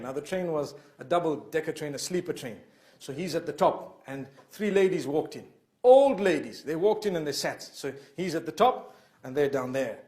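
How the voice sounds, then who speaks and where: A man preacher telling a humorous anecdote in a sermon, animated, acting out the quoted voices. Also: a little high. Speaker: Islamic preacher.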